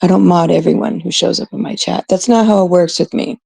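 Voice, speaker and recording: A middle-aged woman from Canada hosting her own live stream, blunt and exasperated, swearing as she talks to her chat. Her voice is dark and gravelly. It sits in a dry, close sound. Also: lowish voice, steady tone, a little fast, no echo. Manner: blunt, exasperated, swears freely, quotes others mockingly. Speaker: livestream host. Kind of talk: casual live-stream rant.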